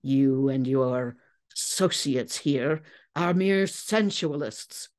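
Actress doing a stern older father for an audiobook, loud gruff growl, measured delivery. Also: a bass voice. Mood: indignant. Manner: gruff, indignant. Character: stern older father, self-righteous, bellowing.

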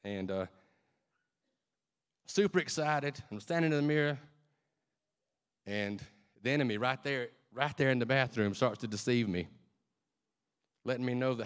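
Sex: male. Role: preacher. Style: sermon. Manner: fervent and conversational, becoming emotional. Pitch: average for a man. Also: fairly quick, pauses often.

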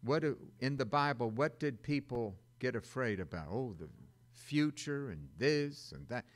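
Animated older man preaching a slow sermon. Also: mid-range voice. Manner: animated, swings into loud mock-panicked voices. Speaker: pastor.

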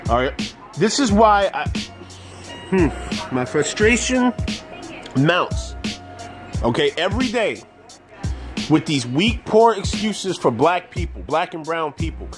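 An indignant man delivers a vlog commentary rant, hammering his points with emphatic repetition. His voice sits a little high for a man. Hip hop music plays clearly underneath. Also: sing-song, slow pace, long pauses. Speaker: commentary vlogger. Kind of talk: angry social commentary rant.

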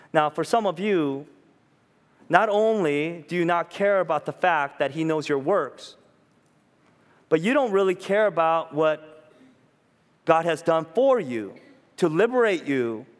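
A man in his thirties or forties preaching a sermon in a conversational way, often asking "you know?" and acting out quotes. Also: a little high. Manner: conversational preaching, tag questions, acted-out quotes. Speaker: pastor. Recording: long reverb of a church hall.

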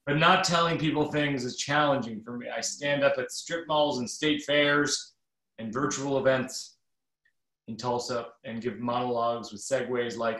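A middle-aged man reading a funny personal story aloud from his book at a virtual event, with quick self-correcting asides. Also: mid-range voice, a bit bright, echoey room.

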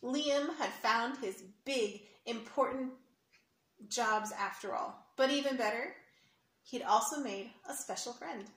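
Lady reading a kids picture book, explains words, points at pics, higher voice, echoey room w faint hiss. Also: slow pace, fairly bright tone. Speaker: storyteller for children.

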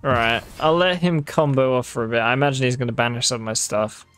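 A man's voice: medium pitch, fast, a bit bright, clean tone, soft background music. A man giving casual, wry commentary on his own gameplay, swearing freely and talking straight to his viewers. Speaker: gaming video creator.

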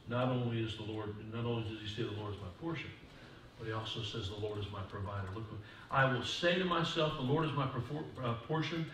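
A male pastor giving a sermon in a church, moving from quiet talk to loud preaching. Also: mid-range voice, quick pace, a little hiss or hum. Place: church sanctuary. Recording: distant mic in echoey church hall.

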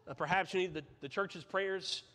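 A man's voice: high voice, moderate pace, sharp tone. A man preaching a Sunday sermon, earnest and questioning, building up to emphatic points. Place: church sanctuary. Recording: church hall reverb.

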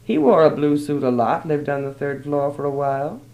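A blunt, weary woman neighbor with a wry, amused air, as a man reading a story voices her. She talks offhandedly in a raised, gravelly voice. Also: fairly high pitch, animated, normal speed, a little mellow. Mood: weary, offhand.

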